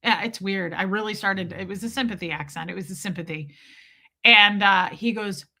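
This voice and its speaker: A woman from Nebraska telling a self-deprecating travel story on a live stream in a casual, animated way. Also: medium pitch, normal speed. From Omaha, Nebraska, USA.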